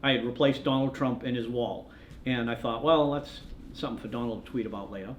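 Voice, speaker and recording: In a documentary interview, a male news photographer rambles through long anecdotes, voicing the dialogue of the people involved. His mid-range voice is steady and brisk. The recording carries a roomy echo and a little hiss or hum.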